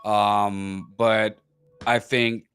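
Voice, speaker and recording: A man from Germany with a German accent, hosting a casual chat and slowly spelling out how words are said. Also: lowish voice, flat delivery, smooth, soft background music. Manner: explains pronunciations slowly, self-aware about a loud voice. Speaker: host.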